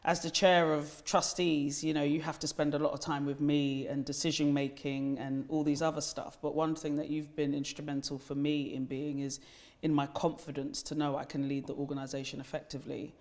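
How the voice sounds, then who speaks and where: A woman's voice: deep voice, little pitch movement, a little fast, hardly any pauses, a little mellow. Candid woman hosting a podcast. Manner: heartfelt, candid, casual swearing. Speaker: podcast host and charity founder. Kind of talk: podcast conversation.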